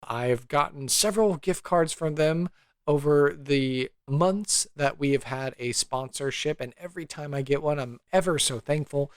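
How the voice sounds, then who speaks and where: A man's voice: fairly high pitch, normal speed, clean tone, dry recording. A man hosting a tabletop podcast, asking questions in an easygoing, conversational way. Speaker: podcast host and game master. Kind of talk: casual interview and ad read.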